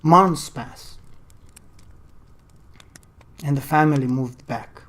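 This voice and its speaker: Slow ad-libbed storyteller, halting, middle pitch. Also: a bit bright. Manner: halting, with restarts and pauses.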